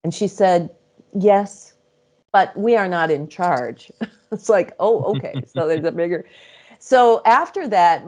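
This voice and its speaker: A middle-aged woman, a psychic channel appearing as an interview guest, tells her stories casually in a low-pitched voice with a darkish tone. She laughs often and acts out quotes.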